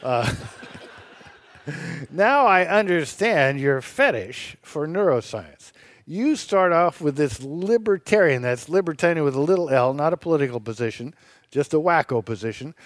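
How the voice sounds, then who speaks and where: A man with a high, lively voice argues a philosophical point and slips in sarcasm and laughs. He sounds close to the microphone in a dry, dead room. He has the easy confidence of a radio co-host. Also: a little slow, no echo. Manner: sarcastic, teasing; laughs while arguing. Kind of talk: philosophical debate.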